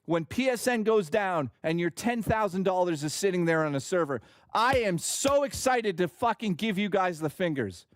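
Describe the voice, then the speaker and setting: A man's voice: sits high, normal speed, hardly any pauses, no echo, clean studio sound. Angry man ranting on a live stream. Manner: heated, profane and animated ranting. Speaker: streamer host.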